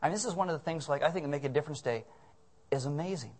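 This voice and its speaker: A man's voice: fairly high pitch, rapid-fire, a little mellow. Man preaching an emphatic, jokey sermon. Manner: emphatic and jokey, repeats key phrases. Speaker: pastor.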